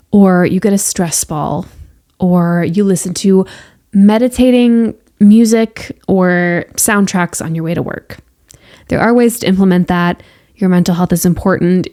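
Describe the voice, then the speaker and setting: A woman's voice: fairly low pitch, mellow. Chatty, reassuring woman podcast host. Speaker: healthcare worker with patients. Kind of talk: casual solo podcast monologue.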